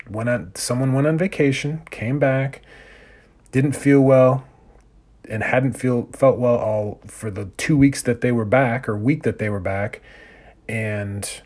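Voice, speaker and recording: A man's voice: medium pitch, takes it slowly, a little mellow. A man in his thirties hosting a solo podcast, ranting in a profane, exasperated way. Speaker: podcast host.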